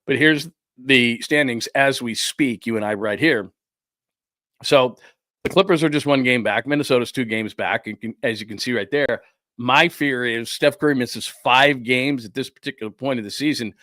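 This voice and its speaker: Animated male sports talk host, dry sound. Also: mid-range voice, moderate pace, no echo. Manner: animated, indignant ranting with laughs. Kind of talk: casual talk show commentary. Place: studio.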